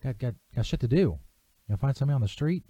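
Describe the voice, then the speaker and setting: A man's voice: mid-range voice, lively intonation, very fast, mellow, slightly rough, dry recording. A man hosting a live comedy radio show, laughing and exasperated as he swears casually. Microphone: studio microphone.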